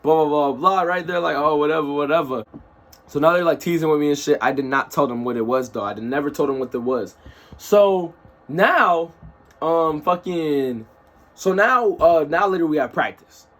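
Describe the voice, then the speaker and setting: A man's voice: on the high side, expressive, moderate pace, fairly bright tone. A man telling a personal story in a casual, rambling way, full of slang and asides.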